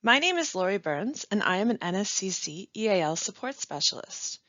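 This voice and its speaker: A woman teaching pronunciation in a scripted webinar, speaking slowly and carefully with deliberate pauses. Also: medium pitch, very animated, fairly bright tone, no room sound. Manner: slow, careful, deliberate delivery with clear pauses. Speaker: language support specialist. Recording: dry, dull lo-fi voice-over.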